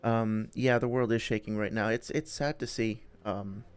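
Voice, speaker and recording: A man's voice: lowish voice, steady tone, normal speed, clean tone. A young man hosting a live stream, chatting casually with viewers in a friendly, rambling way, full of fillers and restarts. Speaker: streamer host.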